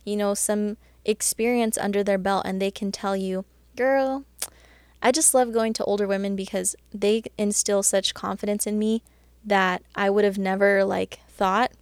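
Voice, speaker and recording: A woman talks through a casual faith chat at a middling pitch, chatty and earnest, with lots of "like" and "you know". Her voice sits close and dry, with no room sound around it. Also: little pitch movement, normal speed, clear, resonant tone, dry recording. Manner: earnest and encouraging. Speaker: Christian podcast host.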